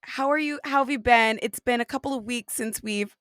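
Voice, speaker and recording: A woman's voice: on the high side, a little fast, fairly bright tone, no room sound, clean studio sound. A woman hosting a podcast interview in casual, bubbly, teasing chat, gushing over her guest. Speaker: podcast host.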